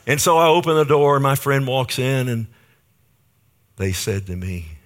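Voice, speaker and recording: A middle-aged male pastor shares a personal story during a sermon, swinging animatedly between loud bursts and hushed near-whispers. His voice sits on the low side, and he talks a little fast.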